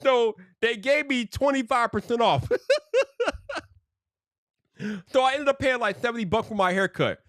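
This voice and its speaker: A man telling a casual story as a streamer host, animated and slangy, full of "bro". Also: extremely high pitch, brisk, no echo, clean studio sound.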